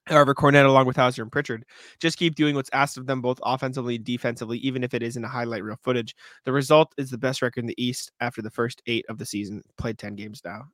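A man co-hosts a casual sports podcast, reading listener emails and trading quick jokes with his partner. He talks at a brisk clip and keeps stopping to clear his throat through hiccups. The mic is close and dry. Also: medium pitch, steady tone, a bit bright, no room sound. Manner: fast, joking banter with many asides. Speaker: podcast co-host.

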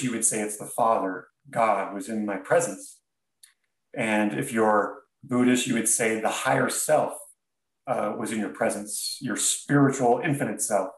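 A man, a podcast guest, telling a personal story in an earnest, halting way with many restarts. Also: mid-range voice, roomy sound, recorded from a distance, rough recording. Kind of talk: reflective storytelling.

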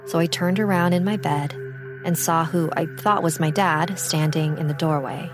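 A young woman from California's East Bay tells a personal story in a calm, reflective way. Her voice sits low for a woman. Music plays clearly in the background behind her. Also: normal speed. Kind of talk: first-person storytelling narration.

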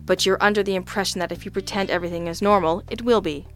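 Narrator voicing a polite, steely male detective, measured and firm. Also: medium pitch, soft background music, close to an everyday voice. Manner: calm, courteous, firm. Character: brisk, polite adult male private detective.

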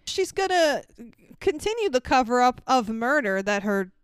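Podcast co-host, woman; clear and smooth, slightly high, animated casual recap with swearing, dry close sound. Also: normal speed, dry recording. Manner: animated, swears freely, acts out quotes. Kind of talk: casual movie recap chat.

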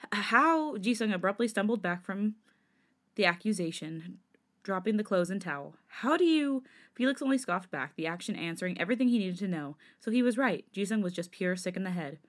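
A woman's voice: on the low side, a little fast. Woman reading fan fiction dramatically. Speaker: podcast host.

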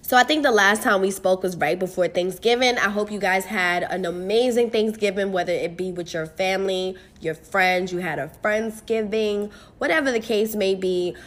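A young woman from the United States hosting her own podcast, talking casually and candidly, swearing freely and getting animated. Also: mid-range voice, moderate pace, few pauses. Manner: candid, profane, animated with bursts of laughter. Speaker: podcast host. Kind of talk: casual solo podcast chat.

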